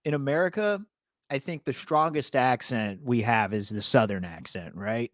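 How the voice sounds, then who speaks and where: A man co-hosting a casual sports chat, laid-back and quick with wry asides. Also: mid-range voice, no echo, studio quality. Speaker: podcast co-host.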